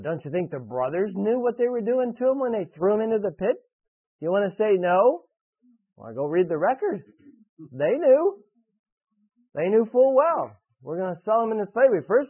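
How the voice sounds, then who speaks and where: A man's voice: sits high, big pitch swings, fairly quick, slightly rough, no echo. A man preaching a sermon and reading scripture, earnest and direct, pressing questions on his listeners. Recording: tinny, dry radio broadcast.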